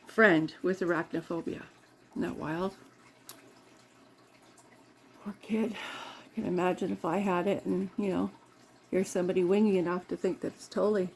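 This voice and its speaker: A woman vlogger talks in a loose, meandering way, stopping to correct herself and laugh as she does her makeup. Her voice has a gravelly, fry-laden texture. A faint background hiss sits under the recording. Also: on the low side. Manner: chatty and meandering, with frequent laughs and self-corrections. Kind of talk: casual rambling chat while doing makeup.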